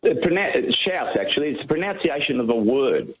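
A man's voice: mid-range voice, sing-song, brisk. Quizzical male caller, muffled. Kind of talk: phone-in chat. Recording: muffled line.

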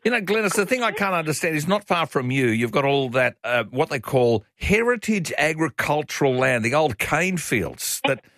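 A man's voice: fairly high pitch, very animated, normal speed, few pauses, a bit bright, no echo, studio quality. Opinionated Australian talkback host, older man. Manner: opinionated, chatty, reads out listener messages. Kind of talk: talkback radio commentary.

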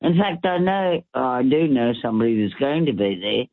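A man's voice: medium pitch, sing-song, normal speed, no room sound. A man from Western Australia with an Australian accent, calling in to chat casually and rambling as he hunts for words. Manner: chatty, rambling, loses his words. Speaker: caller. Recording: tinny phone line.

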